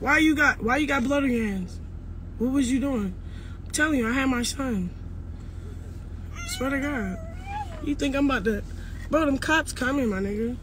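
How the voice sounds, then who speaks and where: A shaken young woman, a mother filming herself live on her phone, rants angrily by a car outdoors, swearing and saying the same things over. She speaks in a high-pitched voice, and slight noise sits in the background.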